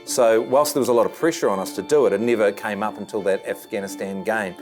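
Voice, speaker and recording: Wry low-voiced New man. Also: fairly even intonation, quick pace, darkish tone, soft background music. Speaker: commentator recalling events. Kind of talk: documentary interview.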